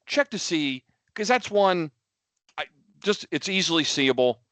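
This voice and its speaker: A man co-hosting a sports podcast, telling stories in an animated way and acting out what others said. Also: sits high, moderate pace, dry recording. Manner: animated storyteller, acts out quoted lines. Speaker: podcast co-host. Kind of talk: casual chat.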